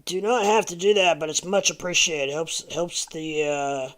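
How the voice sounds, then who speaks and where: Fairly high-voiced man hosting a stream. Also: moderate pace, fairly bright tone. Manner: loose, laughing, thanks viewers. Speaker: livestream host. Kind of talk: casual chat.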